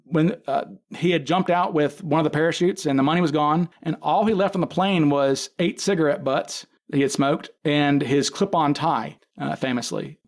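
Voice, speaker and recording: Man, podcast guest, slightly high voice, storytelling, acts out quotes, restarts sentences. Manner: vivid retelling that acts out quoted dialogue; frequent restarts and self-corrections. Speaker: podcast guest, case expert. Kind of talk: casual storytelling.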